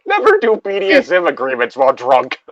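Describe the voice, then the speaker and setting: A man's voice: high voice, wildly swooping pitch, a little fast, a bit bright, no echo, lo-fi sound. A man reading a story aloud and trading crude jokes, laughing often. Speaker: story reader and co-host. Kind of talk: casual banter and story reading.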